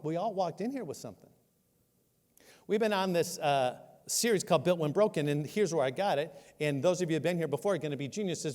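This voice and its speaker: An older man preaching in a church, his fairly high voice rising and falling as he tells a self-mocking story. A long reverb trails his words through the sanctuary. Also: darkish tone. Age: 60s. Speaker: pastor. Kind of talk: sermon.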